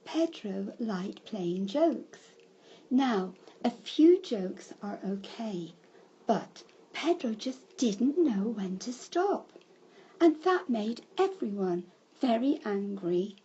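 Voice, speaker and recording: A woman telling a children's story in a slow storybook manner, breaking into shouted cries for the characters. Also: a little high, big pitch swings, dull audio, a little hiss or hum.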